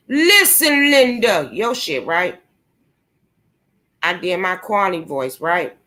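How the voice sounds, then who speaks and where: Young woman vlogger going off, slow and cussing, sharp bright voice, taunting the whole time. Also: on the low side. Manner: confrontational, profane, taunting. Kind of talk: angry profane rant to camera.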